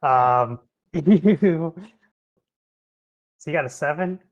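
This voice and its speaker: A man's voice: on the high side, muffled recording. A man running a tabletop role-playing game as game master, narrating with lots of ums and frequent laughter. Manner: laughs often, many ums, quick voice changes for characters.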